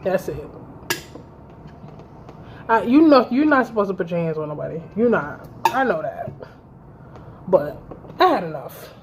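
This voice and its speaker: A woman around thirty telling a story to camera in a vlog, blunt and animated, with heavy swearing. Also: on the low side, unhurried, pauses often, a little hiss or hum. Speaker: vlogger. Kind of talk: storytime vlog, recounting a fight.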